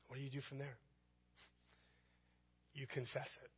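A man's voice: medium pitch, monotone, normal speed, husky. A man preaching a sermon, building emphasis through repeated phrases. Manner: preaching with rising emphasis and repetition. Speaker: pastor.

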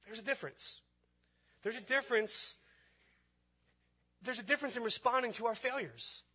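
A man's voice: very high voice, normal speed, bright, forceful tone, husky. A man preaching a sermon, building emphasis through repeated phrases. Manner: preaching with rising emphasis and repetition. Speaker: pastor.

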